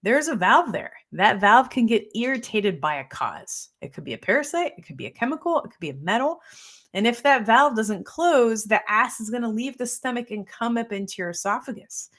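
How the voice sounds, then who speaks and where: A middle-aged woman health practitioner talks her viewers through their questions in a loose, conversational way. She keeps checking in with a quick "right?" as she goes. Her nose is running slightly. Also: fairly high pitch, very animated, a bit bright. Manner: casual, conversational, tags points with "right?". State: runny nose. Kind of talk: live Q&A talk answering viewer questions.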